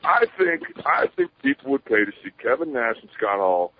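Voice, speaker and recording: Animated man on a tinny phone line. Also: mid-range voice, normal speed, vocal fry, a little hiss or hum. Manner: animated, swears casually, acts out quoted voices. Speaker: interview guest. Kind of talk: rambling storytelling.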